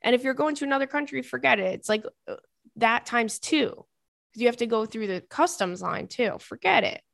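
A woman's voice: on the high side, lively intonation, moderate pace, gravelly, a bit bright, no echo, clean studio sound. A woman in her thirties hosting a podcast, chatting casually and reading listener emails, with rambling asides and plenty of swearing. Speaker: podcast host.

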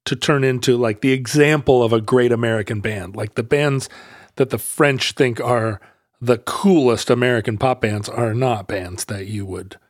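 Brief: middle-aged male co-host, mid-pitched, wry, dry close mic. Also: moderate pace, dry recording. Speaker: podcast co-host. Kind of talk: casual chat.

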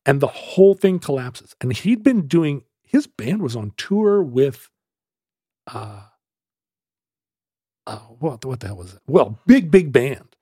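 A man's voice: medium pitch, slow pace, long pauses, slightly rough, dry recording, clean studio sound. A man hosting a casual talk show, telling a long story and acting out the voices of the people in it. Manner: animated storyteller who acts out quoted voices. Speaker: podcast host.

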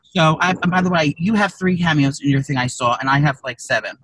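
Rambling, profane man telling stories fast. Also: a little high, a little hiss or hum. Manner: rambling, profane, loud rants. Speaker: podcast co-host. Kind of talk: crude comedic storytelling. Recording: distant from the mic.

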